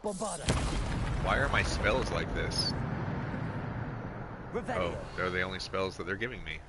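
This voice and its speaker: Deep-voiced chatty male game streamer. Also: slow pace, very noisy. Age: middle-aged. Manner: chatty, excitable, swears at the game. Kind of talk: casual live stream chat. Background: game music.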